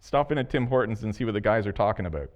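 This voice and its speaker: A man preaching a sermon as a pastor, animated and laughing often as he acts out the story. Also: on the low side, rapid-fire.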